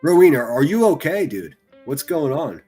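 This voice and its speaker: A man streaming profane, mocking reaction commentary with a husky voice. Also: fairly high pitch, big pitch swings, normal speed, warm tone, faint music behind. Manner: mocking, ranting, heavy swearing.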